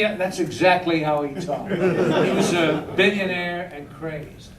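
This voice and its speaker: A man telling anecdotes as a director guest at a theater Q&A, animated and laughing often. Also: high-pitched, a little slow, a crowd in the background. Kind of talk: storytelling at a Q&A. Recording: echoey hall from far off, faint noise.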